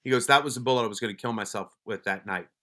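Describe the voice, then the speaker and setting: A man's voice: on the low side, rapid-fire, bright, forceful tone. A man guest on a podcast telling stories from his police career in a casual, blunt way, swearing freely and often restarting his sentences. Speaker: podcast guest, police officer and wellness advocate. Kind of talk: casual storytelling.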